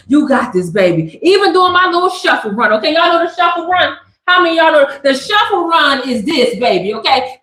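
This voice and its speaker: High-pitched woman doing a spiritual reading, hypes the viewers up, repeats herself a lot, roomy echo. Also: a bit bright. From Southern California. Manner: emphatic and affectionate, calls listeners baby, repeats phrases. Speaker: spiritual speaker giving collective readings. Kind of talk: motivational card reading to viewers.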